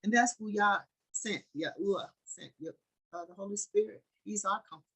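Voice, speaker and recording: A woman's voice: mid-range voice, a little fast, fairly bright tone, slightly rough, poor audio. A woman teaching scripture in a conversational, preachy way, often restarting her sentences. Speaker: Bible study teacher.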